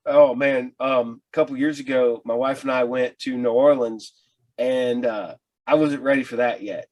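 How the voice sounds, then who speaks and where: A man's voice: mid-range voice, fairly even intonation, normal speed, a little mellow. Easygoing, laughing podcast host man. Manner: easygoing, laughs often, stammers a bit. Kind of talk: casual chat.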